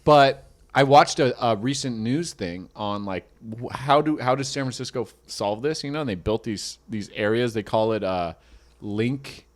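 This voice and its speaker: A man's voice: mid-range voice, normal speed. A man co-hosting a comedy podcast, rambling through stories in casual chat. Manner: rambling storyteller, playful voices.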